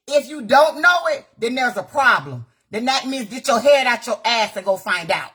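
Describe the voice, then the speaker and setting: A woman's voice: on the high side, animated, a little fast, hardly any pauses, a bit bright, husky. A woman community activist from Florida, ranting bluntly and profanely on a live phone video and firing off rhetorical questions. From Gainesville, Florida. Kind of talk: impassioned live-video rant.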